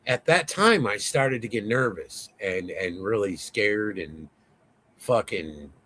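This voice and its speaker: A man guesting on an interview, telling a story in a rambling, excitable way, full of swearing and fillers. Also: lowish voice, takes it slowly. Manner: rambling, profane, lots of fillers; excitable, voice rising as he tells it.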